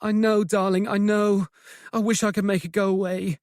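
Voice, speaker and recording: A man's voice: high voice, flat delivery, moderate pace, clear, resonant tone, dry recording, studio quality, voice pushed up. A man voicing a panicked young woman. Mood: soothing. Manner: panicked, shouting over wind. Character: frightened young woman in a crisis.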